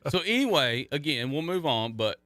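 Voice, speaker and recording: A man's voice: on the high side, sing-song, normal speed, pushed and bright, no room sound. A middle-aged man co-hosting a youth sports radio show, telling rambling stories and poking fun at himself in casual banter. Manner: chatty, self-mocking, rambling storyteller; jokey banter.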